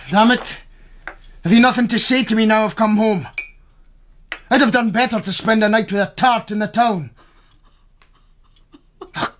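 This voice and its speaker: An actor playing a coarse, bullying soldier home on leave, speaking with a Scottish accent in a crude, domineering way. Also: male voice, high-pitched, fairly bright tone.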